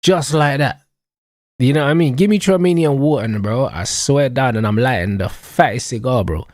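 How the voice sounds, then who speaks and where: A young man with a London accent rants casually about football on a live stream. He talks in slang and keeps circling back to his catchphrases. His voice sits in a middle pitch and sounds dry and close. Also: moderate pace, darkish tone, no room sound. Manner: slangy, emphatic, repetitive.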